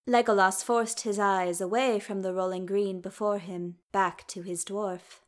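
A woman narrating a story aloud in a calm, measured storytelling manner. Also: medium pitch. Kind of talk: audiobook narration of fan fiction.

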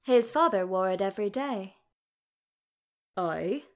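A woman narrating a story aloud in a calm, measured storytelling manner. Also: medium pitch. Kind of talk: audiobook narration of fan fiction.

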